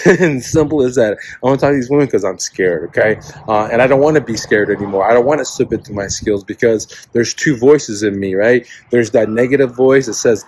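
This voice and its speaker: A man's voice: mid-range voice, brisk, breathy edge, rough recording. A man in his forties, a real estate coach, giving a blunt, profanity-laced motivational talk packed with "man" and "bro". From refugee to the US. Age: 40s.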